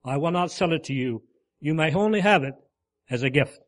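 A man's voice: a little high, expressive, fairly quick, close to an everyday voice. A man voicing an old pearl diver in a sermon story, speaking earnestly and pleadingly. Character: old male pearl diver, grave and devoted.

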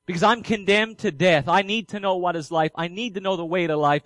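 An earnest male preacher delivering a sermon, asking questions and answering them himself. His voice sits high for a man. The sound is dry and close. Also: a little fast, few pauses, fairly bright tone, no room sound, low-quality recording.

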